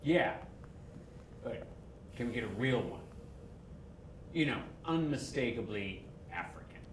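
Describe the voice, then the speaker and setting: A man's voice: medium pitch, sing-song, unhurried, roomy sound, a little hiss or hum. An actor playing a dismissive, mocking male casting director in a short film. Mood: condescending. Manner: condescending, mocking. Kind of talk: film dialogue.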